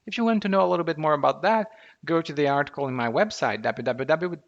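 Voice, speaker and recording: A man's voice: on the high side, dull audio. Chatty man teaching pronunciation. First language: Portuguese. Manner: chatty, demonstrates vowel sounds slowly. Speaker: language teacher. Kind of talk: casual video lesson.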